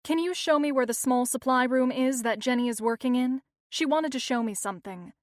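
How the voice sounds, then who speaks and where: A woman's voice: sits high, brisk, no room sound, studio quality, natural voice. A woman voicing a commanding woman doctor. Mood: calm. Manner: urgent, forceful orders.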